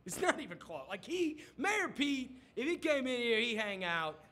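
A man's voice: extremely high pitch, moderate pace. A man hosting a sports radio show, telling a story in casual studio chat and mimicking people as he goes. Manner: animated storyteller, mimics others loudly.

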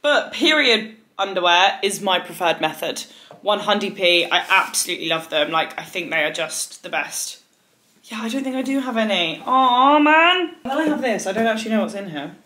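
A woman's voice: mid-range voice, normal speed. Chatty young woman vlogging at home. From United Kingdom. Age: 20s. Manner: animated, rambling, swears freely, frequent laughs. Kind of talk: casual chatty vlog.

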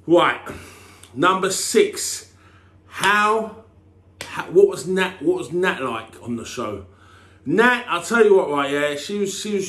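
In an echoey room, a rambling, brash man from England fields fan questions as a TV personality in casual conversation. He keeps restarting his sentences and tossing in "you know what I mean," then erupts into loud "Boom" shouts.

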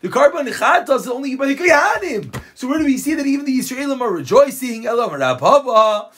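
Guy teaching talmud, high husky voice, reads aramaic then explains in english, jumps up and down in pitch. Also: very animated, fairly bright tone. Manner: mixes Aramaic readings with quick English explanation, self-correcting. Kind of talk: daf yomi Talmud lesson.

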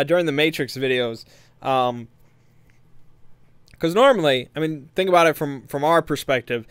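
A man's voice: a little high, clean tone, dry recording. A man casually recapping a tabletop game session in a meandering, hesitant, amused way.

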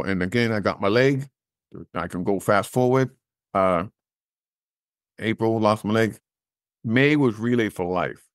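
A middle-aged man telling a personal story as an interview guest, animated and acting out the dialogue he recalls. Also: fairly low pitch, no room sound, clean studio sound. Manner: animated storyteller who acts out quoted dialogue, laughs at his own jokes.

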